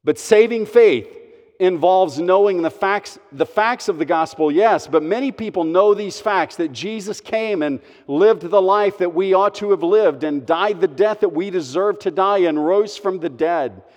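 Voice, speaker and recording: A man delivers a sermon in a slightly high voice, unhurried and deliberate. He preaches earnestly, leaning hard on key phrases. His voice carries a long reverb, as in a large hall. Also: a little mellow. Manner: earnest, emphatic preaching with slow stressed phrases. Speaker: pastor.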